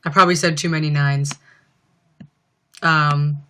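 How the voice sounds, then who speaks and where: Young woman, livestream host, chatty, rambling, bright voice, unhurried delivery. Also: lowish voice. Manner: chatty, rambling, many "um" and "like" fillers. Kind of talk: casual livestream chat, reading viewer comments.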